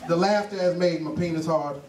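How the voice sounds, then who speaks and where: A man's voice: a little high, a little fast. A man doing a crude stand-up set, telling stories and quizzing the crowd in a live comedy lounge, picked up from a distance. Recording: echoey club from far mic with crowd noise.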